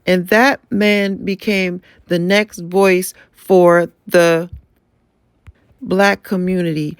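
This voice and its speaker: A speaker giving opinionated commentary in a slow, deliberate way. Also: mid-range voice, fairly even intonation, smooth, no echo, studio quality. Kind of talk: casual commentary.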